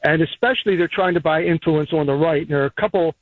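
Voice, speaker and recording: A man's voice: fairly high pitch, fast, no echo. A man from Rhode Island calling in to a radio show, rambling through his points with restarts. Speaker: caller. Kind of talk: call-in radio talk. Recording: tinny phone line.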